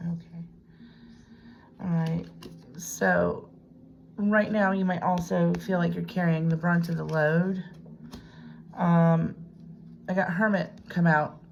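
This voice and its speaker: Her lowish, gravelly voice carries a chatty, self-directed tarot reading in a home room with a piano desk, now and then sinking into whispers. The recording is rough, with a bit of hiss or hum.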